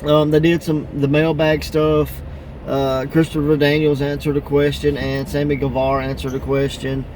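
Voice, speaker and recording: A man hosting a casual wrestling podcast, laughing often and acting out quoted wrestlers in higher voices. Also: completely flat delivery, normal speed, darkish tone, a little hiss or hum. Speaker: podcast host.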